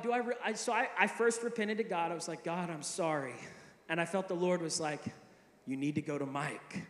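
A man's voice: high-pitched, a bit bright. A middle-aged man preaching a sermon, telling a story and acting out the dialogue with shifting voices. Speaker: pastor. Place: large church hall. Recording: echoey hall, long reverb.

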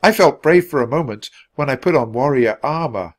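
A man's voice: medium pitch, lively intonation, normal speed, lightly acted. A man voicing an earnest, thoughtful young boy in a storybook reading, slightly nervous.

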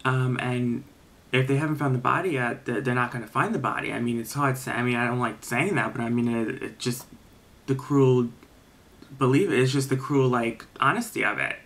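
A man's voice: mid-range voice, normal speed, a bit bright. Rambling young man telling a story. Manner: rambling, filler-heavy, swears freely. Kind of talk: casual storytime narration.

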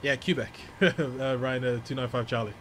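A young British man from the UK, an excitable, jokey flight sim streamer mixing casual commentary with formal radio calls. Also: mid-range voice, normal speed, slight background noise. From United Kingdom. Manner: excitable, jokey, laughs often.

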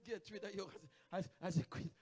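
A man with a Jamaican accent, preaching a Pentecostal sermon as guest evangelist. He calls out to the congregation and swings from quiet asides to shouted, sung climaxes. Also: sits high, steady tone, quick pace, soft background music. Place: church sanctuary.

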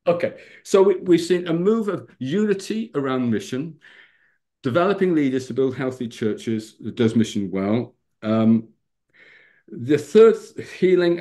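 A middle-aged man speaks on a video call at an ordinary pitch for a man. He is a pastor who tells his stories with energy, laughs along the way, and slips into the voices of the people he describes. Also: warm tone. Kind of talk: storytelling talk on a video call.

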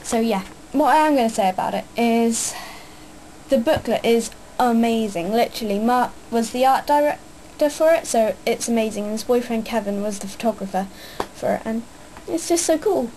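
Young woman, excitable rambling vlogger, somewhat high pitch, faint noise behind. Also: normal speed, low-quality recording. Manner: hyper, rambling, many fillers. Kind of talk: casual vlog chat.

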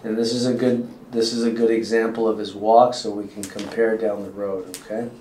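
A man with a lowish voice explains x-ray findings to his patient in a relaxed, joking way. He sounds like a chiropractor at work in an exam room. The room is echoey, with faint noise behind him. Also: a little fast. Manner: casual, joking, talks as he shows.

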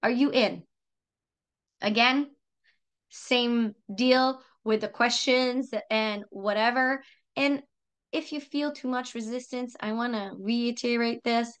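High-voiced French-accented woman coaching. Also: slow, clean tone. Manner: lively, chatty, repeats herself. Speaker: sales trainer. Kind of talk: coaching talk with role-played examples.

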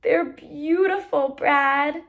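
A woman reading a husky-voiced young mother. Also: sits high, drawn-out words, fairly bright tone, voice pushed up, exaggerated voice. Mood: tender.

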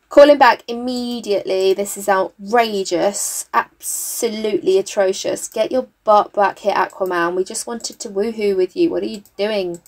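A woman's voice: mid-range voice, steady tone, normal speed, a little mellow. A woman chatting casually through a gameplay video, laughing a lot and scolding the characters on screen, recorded at a home desk mic. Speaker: gaming YouTuber. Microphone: desk mic with face cam.

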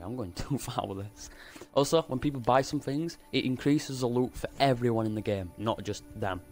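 A man talks his way through a video game in a loose, joking ramble and swears often. His voice has an ordinary, mid-range pitch, and game music plays clearly behind him. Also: normal speed, hardly any pauses. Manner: rambling, jokey, heavy swearing. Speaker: gaming YouTuber. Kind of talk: casual gameplay commentary.

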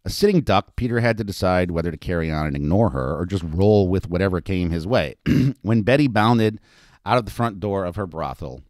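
Brief: low, animated male storyteller, close dry voice. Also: fairly quick, no room sound. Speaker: audiobook narrator. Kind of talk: scripted narration.

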